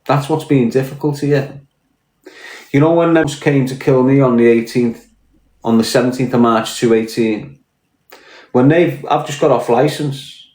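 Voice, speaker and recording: A man's voice: medium pitch, measured pace, long pauses, a little mellow. Blunt Scouse man in an echoey room. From Liverpool, England. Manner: blunt, swearing, confrontational. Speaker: podcast host. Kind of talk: casual live-stream rant.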